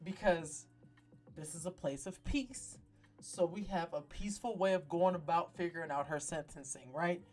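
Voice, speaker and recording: A woman's voice: fairly low pitch, normal speed, a little mellow. Woman host, casual TV recap, salty slang, theatrical storytelling, faint music underneath. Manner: profane, slangy, dramatic storytelling. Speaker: talk show host.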